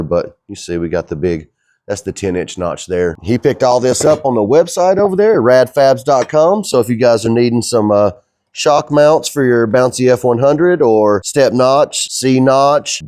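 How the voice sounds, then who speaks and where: A man's voice: mid-range voice, darkish tone, no echo, clean studio sound. A middle-aged man, the owner of a fabrication shop, talking casually in a rambling, folksy way as he works. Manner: easygoing, rambling, folksy talk.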